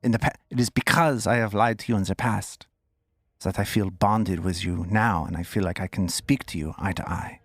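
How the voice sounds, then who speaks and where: A man's voice: on the low side, steady tone, moderate pace, breathy edge, no room sound. A man voicing an accented woman cultist. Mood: earnest. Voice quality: thick, precise put-on accent. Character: anxious young woman cultist, former liar.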